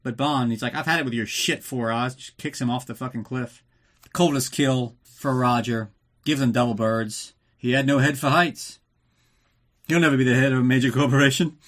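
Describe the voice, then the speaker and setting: A man's voice: mid-range voice, steady tone, normal speed. A man hosting a podcast, recapping a film in a casual, sarcastic way, swearing often and acting out the characters in jokey voices. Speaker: podcast host.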